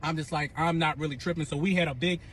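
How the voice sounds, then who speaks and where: Fast, high-voiced man telling a wild story. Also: steady tone, a bit bright, a little hiss or hum. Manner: profane, dramatic, acts out quotes. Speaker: storyteller in a clip. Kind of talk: animated storytelling.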